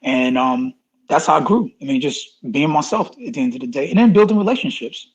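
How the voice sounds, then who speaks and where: A man's voice: on the high side, a little fast, slightly rough, muffled recording. A middle-aged man and former pro football player, a podcast guest telling stories with emphatic repetition and acted-out dialogue. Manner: animated storyteller, acts out quoted dialogue, emphatic repetition. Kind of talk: casual interview storytelling.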